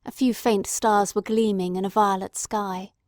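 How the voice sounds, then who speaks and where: A woman giving steady, dramatic scripted narration of an audiobook. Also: medium pitch, unhurried, dry recording, studio quality.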